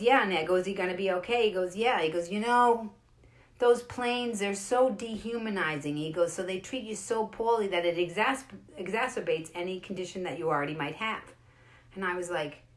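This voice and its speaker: A woman hosting her own show, chatting casually and acting out the voices in her stories. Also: fairly bright tone. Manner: chatty storyteller, acts out quotes with pitch jumps. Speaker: host. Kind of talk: casual monologue.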